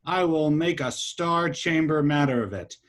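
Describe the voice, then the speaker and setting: A man reading a testy old country justice in a casual amateur play reading, with slow, measured blustering. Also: a little high, close to an everyday voice.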